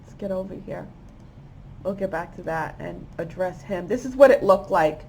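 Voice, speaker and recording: Woman excitedly recounting a vision. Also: on the low side, moderate pace, vocal fry, a little hiss or hum. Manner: rambling, animated, acts out quoted voices. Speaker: spiritual channel host. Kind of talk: casual storytelling of a vision.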